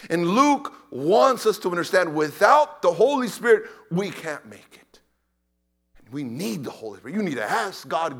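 A male preacher with a high-pitched voice delivers a dynamic sermon. He swings from loud, pleading cries down to near whispers. He repeats key words and phrases again and again for emphasis. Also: sing-song, normal speed. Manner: dynamic, swinging from shouted pleas to hushed whispers.

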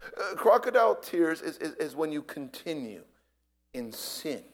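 A man preaching a sermon, swinging between hushed whispers and loud impassioned cries, often repeating his words. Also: a little high, big pitch swings, unhurried.

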